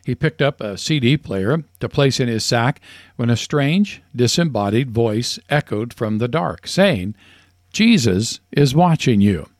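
A man's voice: medium pitch, animated, unhurried, no room sound, studio quality. A man co-hosting a radio show, telling jokes in a folksy storytelling way. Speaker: radio co-host.

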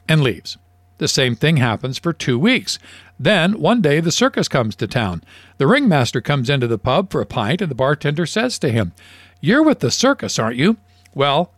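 A man's voice: a little high, no room sound. A man co-hosting a casual radio show, telling announcements. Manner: lively storyteller, animated dialogue. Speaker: radio co-host.

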